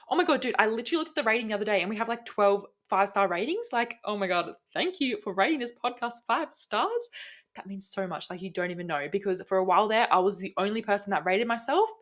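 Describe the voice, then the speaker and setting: Speaking a little high with a fairly bright tone, a woman runs her own laid-back podcast. Full of enthusiasm, she talks to herself as she rambles, blunt and frequently profane.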